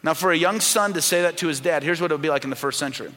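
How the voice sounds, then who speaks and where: A man preaching a sermon in a church, talking with the congregation and asking them questions, dropping his voice soft when he quotes the people in his stories. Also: a little high, rapid-fire. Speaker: pastor. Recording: long reverb of a large church hall.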